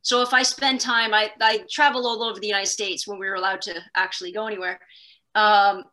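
A middle-aged woman, a podcast guest, telling stories in an animated, self-deprecating way, fast in bursts. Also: medium pitch. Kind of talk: casual conversation.

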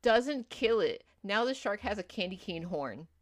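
A young woman co-hosting a podcast, rambling through a movie plot with lots of fillers and quick acted-out quotes. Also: mid-range voice, very animated. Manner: rambling storyteller, many fillers, acts out quotes. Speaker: podcast co-host. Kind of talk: casual movie recap chat.

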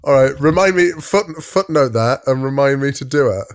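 A man's voice: mid-range voice, moderate pace. A man co-hosting a casual podcast, chiming in with playful, teasing remarks. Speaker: podcast co-host.

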